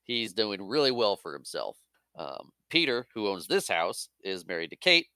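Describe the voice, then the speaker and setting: Man, podcast co-host, relaxed and chatty, low-pitched, dry close-mic sound. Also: moderate pace, no room sound. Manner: easygoing, laughs often, lists facts. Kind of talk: casual movie discussion.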